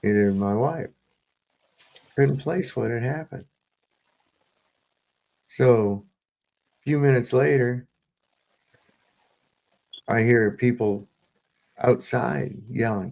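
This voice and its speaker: A man's voice: medium pitch, slow, vocal fry, pauses often, a little mellow. A man hosting a live-stream panel, telling a rambling story full of swearing and restarts. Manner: profane, rambling, with many fillers and restarts.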